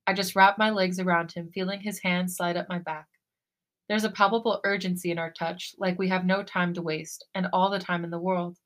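Podcast co-host, female, lowish bright voice, soft intimate romance reading. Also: level tone, a little fast. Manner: soft, breathy romantic reading, then gushing and giggly. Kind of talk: reading fan fiction aloud and chatting.

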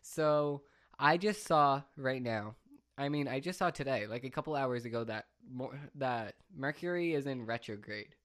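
A man's voice: mid-range voice, lively intonation, normal speed, a bit bright. A young man talking on his own in a rambling, self-mocking way, often laughing at himself. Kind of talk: casual solo chat.

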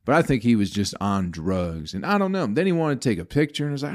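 A man's voice: mid-range voice, sing-song, fast, hardly any pauses, a little mellow. A male comedian telling a rambling, profane story in a casual podcast, growing exasperated as he talks.

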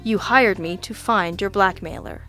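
Narrator voicing a polite, steely male detective, measured and firm. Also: medium pitch, soft background music. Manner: calm, courteous, firm. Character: brisk, polite adult male private detective.

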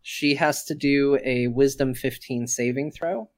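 Slow, deliberate man playing a tabletop game. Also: medium pitch. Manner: deliberate, hesitant with fillers. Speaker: player.

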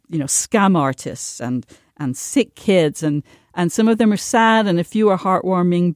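A woman's voice: low-pitched, a little mellow, no echo, studio quality. Hesitant woman podcast co-host. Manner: hesitant, many fillers and restarts. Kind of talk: casual chat.

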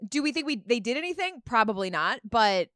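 A woman's voice: on the high side, sing-song, a little fast, a bit bright, dry recording, clean studio sound. A young woman co-hosting a casual recap chat, talking emphatically and bursting into exaggerated quotes. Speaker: podcast co-host.

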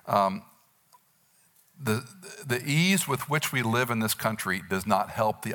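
A man's voice: on the low side, expressive, slow pace, fairly bright tone. A man in his sixties preaching a sermon, telling a Bible story and acting out the quotes with animation. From United States. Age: 60s. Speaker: pastor.

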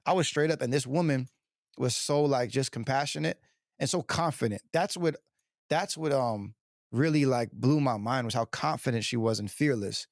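A man's voice: medium pitch, normal speed, no echo, clean studio sound. A man, a pastor, telling his personal testimony in an earnest, rambling way, full of "like" and "you know", acting out the people he quotes. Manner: acts out quoted people with a raised voice.

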